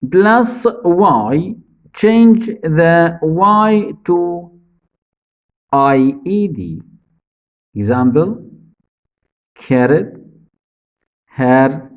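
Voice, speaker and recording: A man teaching English spelling rules, speaking slowly and deliberately, repeating each rule for his students. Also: highs cut off. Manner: stresses key words, drops low at phrase ends. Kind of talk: slow spelling-rule lesson.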